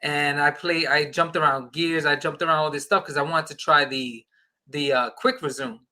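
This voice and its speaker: A man, a podcast guest, telling an excited casual anecdote and acting out the dialogue. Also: fairly high pitch, moderate pace.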